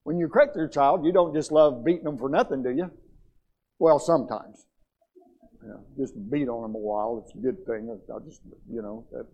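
A man preaching a sermon in a church, fervent, swinging between loud and quiet. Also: medium pitch, moderate pace, breathy edge, dull audio. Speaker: pastor.

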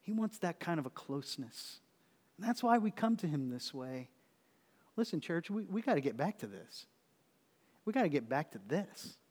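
A fairly high-voiced man preaches to his congregation, talking earnestly and plainly as if to friends. He sometimes drops to a near-hush to make a point. His voice rings with the long reverb of a church hall. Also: very animated, normal speed, long pauses. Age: adult. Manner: earnest and conversational, dropping to a hush for tender points. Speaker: pastor. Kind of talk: sermon.

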